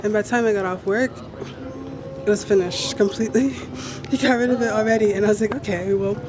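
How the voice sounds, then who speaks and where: A woman's voice: mid-range voice, fairly even intonation, brisk, music in the background. A young woman vlogging as she walks down a street, rambling and chatty, telling stories with self-mocking asides into a handheld camera. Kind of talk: casual walking vlog chat. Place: outdoors walking down a city street. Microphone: handheld camera held while walking. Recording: street ambience clearly behind.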